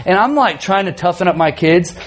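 A man in his thirties, a youth pastor telling a funny family story in a sermon, animated and often laughing. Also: sits high, fairly quick.

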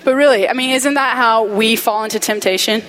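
A woman preaching a sermon in a conversational, animated way, acting out quoted voices with humorous asides. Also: on the high side, fairly quick, low-quality recording. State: dry mouth.

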